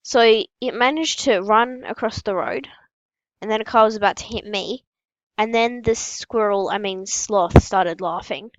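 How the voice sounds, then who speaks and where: A female gaming host telling absurd, made-up stories in a casual, matter-of-fact, deadpan way while opening packs. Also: mid-range voice, measured pace, no room sound, lo-fi sound.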